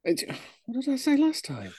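A man's voice: extremely high pitch, wildly swooping pitch, normal speed, darkish tone, breathy edge, no room sound. A man co-hosting a podcast, teasing and joking in a playful, giggly way. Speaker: podcast co-host. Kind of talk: casual chat.

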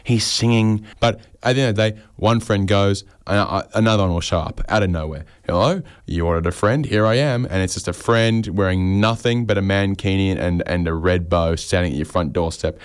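Brief: dry-witted stand-up comic, low register, deadpan, recorded dry. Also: male voice, fairly quick, hardly any pauses, clear, resonant tone, no echo. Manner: deadpan, rambling, self-deprecating. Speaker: comedian. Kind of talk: stand-up comedy monologue on radio.

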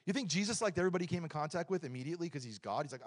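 A middle-aged man preaching a lively, joking sermon in a church, swinging between loud points and quiet asides. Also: on the high side, racing. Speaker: pastor.

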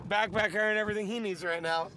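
A man with a high, bright voice chats and jokes on a podcast recorded in a moving car. He laughs easily and keeps dropping into silly impressions. Faint road noise hums underneath. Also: fairly even intonation, fast talker. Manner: joking, breaks into mock voices and laughs. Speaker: podcast co-host. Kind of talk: casual chat while driving.

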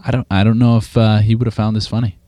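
A podcast host from Canada trades playful, self-mocking banter with his guest. His voice sits on the low side. The sound is close and dry, recorded in a studio. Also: flat delivery, fast talker, mellow, no echo. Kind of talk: casual interview chat.

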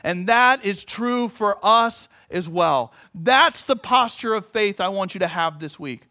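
A man preaching a sermon as pastor, telling a story in an earnest manner with long measured pauses. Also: high voice, animated, pushed and bright.

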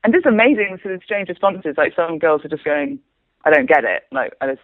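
A woman playwright and performer being interviewed, talking in a rambling, animated way with frequent restarts and laughter. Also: fairly low pitch, brisk, no room sound. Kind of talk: casual interview chat. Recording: tinny phone line, dry.

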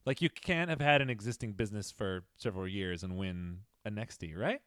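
A young adult man co-hosting a podcast in casual chat, joking and laughing often, quoting people in animated voices. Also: on the low side, fairly quick, dry recording, studio quality. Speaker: podcast co-host.

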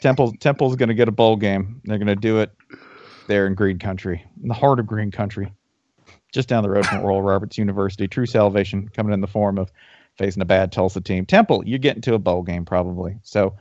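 A man's voice: fairly low pitch, fairly quick, a little mellow, no room sound. A man co-hosting a casual sports podcast, joking and talking emphatically. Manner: jokey, emphatic. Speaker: podcast co-host. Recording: slightly dull lo-fi mic.

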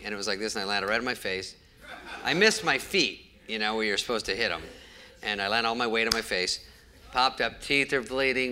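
Wry, bright-voiced man telling stories. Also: mid-range voice. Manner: wry, self-deprecating anecdotes. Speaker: comedian guest. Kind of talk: storytelling on stage. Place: live audience event hall.

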